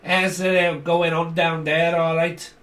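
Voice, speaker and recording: A man voicing a cheeky, swearing young man with a Liverpool accent, loud and high-pitched. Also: flat delivery, unhurried. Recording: roomy, distant mic.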